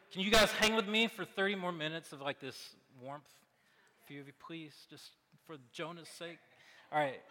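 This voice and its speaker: A man in his thirties preaches in a loose, chatty way, stacking asides and fillers as he goes. His voice sits fairly high and sounds bright and forceful. The sound rings out with a long reverb from a large hall. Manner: conversational and animated, with many fillers and asides. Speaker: pastor. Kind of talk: sermon.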